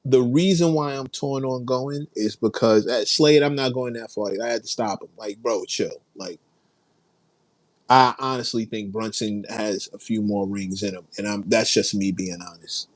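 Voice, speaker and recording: A man from New chats easily on a livestream, wandering from thought to thought and answering viewers by name. His voice sits low, and the sound is close and dry. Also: moderate pace, no room sound, low-quality recording. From New York. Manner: rambling, laid-back, reads and answers chat. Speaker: livestream host. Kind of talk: casual livestream chat.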